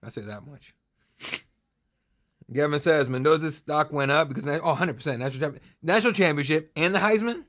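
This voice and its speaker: A man's voice: on the high side, fairly quick, a bit bright. A man in his thirties hosting a live draft stream, chatting loosely with viewers and joking with crude remarks. He talks from a home streaming setup into a desk mic. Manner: loose, joking, profane banter with chat. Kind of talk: casual live-stream commentary.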